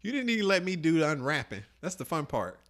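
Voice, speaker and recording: Animated, laughing male podcast host. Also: a little high, quick pace. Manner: animated storyteller, laughs often, acts out voices. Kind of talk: casual crude podcast banter.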